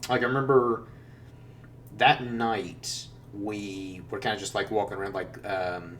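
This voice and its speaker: A man's voice: fairly low pitch, steady tone, unhurried, a bit bright. A man vlogging casually about his travels, rambling with lots of fillers and self-corrections. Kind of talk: casual chat. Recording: distant mic with faint hum.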